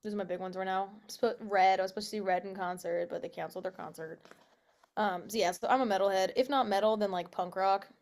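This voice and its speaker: Young actress chatting in an interview, normal pitch, laughs a lot, says like constantly, swears here and there. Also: female voice, steady tone, quick pace, a little mellow. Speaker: actress guest. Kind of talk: casual interview chat.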